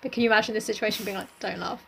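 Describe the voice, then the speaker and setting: A woman co-hosting a podcast, casual and opinionated, reacting with quick exclamations. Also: medium pitch, fairly even intonation, slight background noise. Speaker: podcast co-host. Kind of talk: casual chat.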